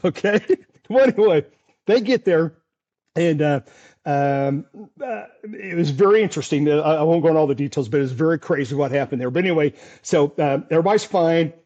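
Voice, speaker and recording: High-voiced man telling a wild story. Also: brisk, highs cut off. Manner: animated, chuckles often, repeats and restarts while recounting. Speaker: storm chaser interview guest. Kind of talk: casual storytelling in an interview.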